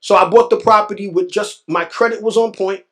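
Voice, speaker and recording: A man from New York, a real estate investor, telling his story in an animated interview, repeating phrases and acting out other people's words. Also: high-pitched, a little fast. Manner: animated, repeats phrases, acts out quoted voices.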